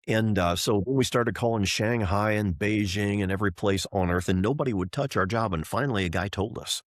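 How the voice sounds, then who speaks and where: A middle-aged race driver and entrepreneur, appearing as a podcast guest, tells an enthusiastic story and acts out the voices of the people he quotes. His voice is on the low side and brisk, with few pauses. The recording is dry and studio quality.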